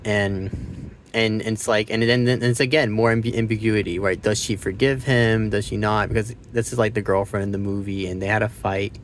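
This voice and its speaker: This casual movie review comes from a man with a lowish voice at a moderate pace who rambles, swears a lot, and loses his train of thought. Scene retellings make him loud and excited. There's slight background noise.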